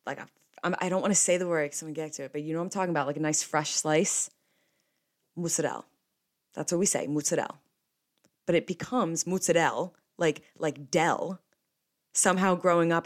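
A young woman, hosting a podcast in a rambling, casual chat full of swearing. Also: lowish voice. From New Jersey. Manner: chatty and rambling, with frequent swearing. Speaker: podcast host.

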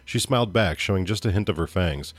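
Brief: male podcast host, low voice, steady and expressive dramatic reading. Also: a little fast, no echo.

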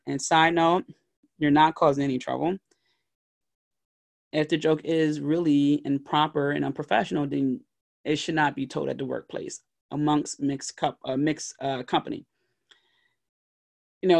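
Low, steady, and a little slow, a woman's creaky voice pauses often as she hosts her solo podcast as a life coach. She gives motivational advice conversationally, frequently asking listeners "okay?" or "all right?", and slips into short put-on voices to act out small scenes.

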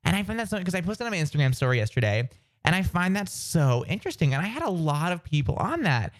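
A young man hosting a casual podcast, talking in a lively, up-and-down voice. He tells stories with plenty of energy and slips into high voices to act out what people said. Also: quick pace. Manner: animated storytelling, acts out quotes in high shrieks. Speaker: podcast co-host. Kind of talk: casual chat.

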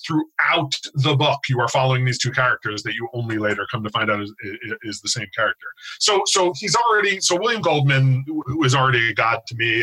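Casting: American man, 40s, bright tone, animated storyteller in casual podcast talk. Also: mid-range voice, low-quality recording. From United States. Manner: animated, self-deprecating storyteller. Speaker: podcast co-host.

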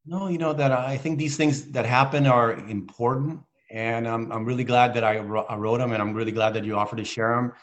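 A middle-aged man appears as a guest on a video call, sharing a heartfelt personal story haltingly and earnestly, restarting often. His voice is mid-range with fairly even intonation.

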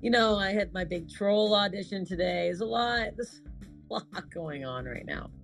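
A woman's voice: mid-range voice, normal speed, creaky, soft background music. A woman comic actress chatting casually, telling stories animatedly with laughs and swearing. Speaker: comedic actress, guest. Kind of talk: casual chat.

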